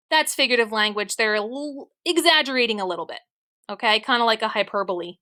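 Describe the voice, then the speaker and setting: A woman's voice: a little high, expressive, normal speed, sharp tone. A woman teacher giving a recorded online mini-lesson to young students, explaining step by step and checking in with frequent "okay"s. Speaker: elementary school teacher.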